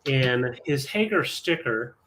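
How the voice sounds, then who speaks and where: A man's voice: medium pitch, animated, slow, a bit bright, slight background noise. A man with an American accent co-hosting a live online auction, chatting easily as he brings out the next item. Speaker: live-sale co-host.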